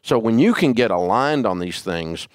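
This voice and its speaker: A man's voice: lowish voice, normal speed, clean tone, no room sound, studio quality. An older man, a radio host, telling stories in a folksy, emphatic way during a casual interview. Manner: animated storyteller, folksy, emphatic.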